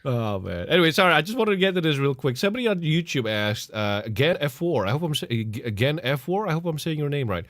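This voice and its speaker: An animated man cohosting a podcast, telling stories in a loose, profane way and breaking into laughter. His voice sits a little high and swings widely up and down. It is recorded close and dry, with no room sound. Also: fast talker, hardly any pauses, no room sound. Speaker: podcast co-host. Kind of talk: casual chat, storytelling.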